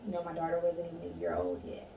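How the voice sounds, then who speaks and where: A woman's voice: on the low side, big pitch swings, quick pace, highs cut off. A woman in a casual conversation, telling an emotional personal story with candour. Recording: echoey room, far mic, noisy.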